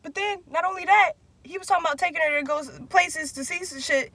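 A young man, the host, casually telling a long profane story, acting out quotes with big jumps in pitch. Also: fast talker, sharp tone. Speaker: vlog host.

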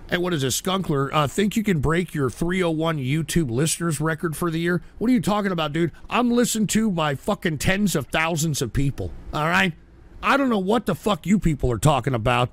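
Combative male livestream host, slightly high voice, lively and profane. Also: a little fast. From Texas. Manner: profane, combative, shouts at chat. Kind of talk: profane livestream rant reading chat.

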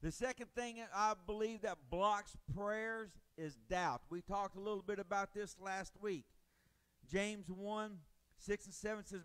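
A man preaching a sermon as pastor, rising into loud passionate swells and dropping low, acting out the voices of doubters. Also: fairly even intonation, clear, resonant tone. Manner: preaching with swells of volume and dramatic pauses; acts out voices of doubters and biblical figures.

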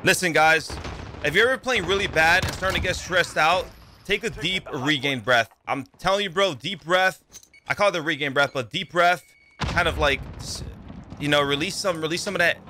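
A young man giving live commentary over his own shooter gameplay, talking in a loose, excitable way, swearing now and then and yelling when the fighting heats up. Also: fairly high pitch, moderate pace, a little hiss or hum. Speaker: gaming YouTuber. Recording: gunfire sounds behind the voice.

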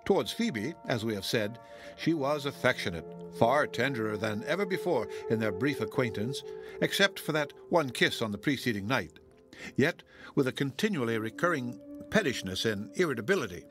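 A male audiobook narrator reading a classic novel in a measured, expressive voice, slowing down on solemn phrases. His voice sits in a middle pitch. Quiet music plays underneath. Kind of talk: scripted narration.

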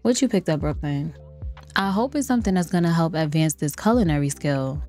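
A gameplay streamer with a low, darkish voice talks fairly quickly with lively intonation. She's chatty and playful in her casual let's-play commentary, laughing a lot and calling her viewers "y'all," with faint lo-fi music in the background.

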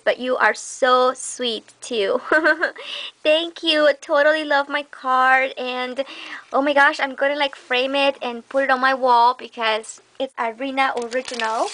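Excited high-voiced woman vlogger. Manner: gushing, excited, says "oh my gosh" often. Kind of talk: casual unboxing chat.

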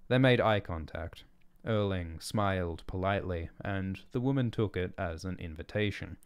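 A man reading his own story aloud as narrator, in measured, descriptive narration. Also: low voice, clean tone, dry recording. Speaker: author and narrator.

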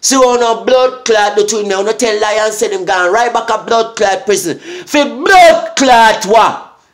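A Jamaican man with a high voice rants to camera, heated and full of swearing. He keeps asking "eh?" to drive each point home. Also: fairly even intonation, normal speed, fairly bright tone. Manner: profane, heated, repeating "eh?". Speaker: vlogger. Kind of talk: angry rant.

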